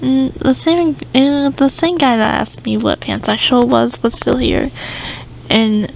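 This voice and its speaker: A woman's voice: high voice, steady tone, unhurried, vocal fry, a little mellow, a little hiss or hum, low-quality recording. A woman hosting a casual storytime podcast, rambling through the tale with many ums and restarts. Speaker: podcast host.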